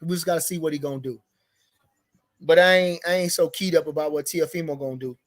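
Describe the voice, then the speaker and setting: A man's voice: on the high side, fast. Rambling heated man talking boxing. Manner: rambling, repeats himself, gets heated and emphatic. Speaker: boxing commentary show host. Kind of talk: casual unscripted boxing talk.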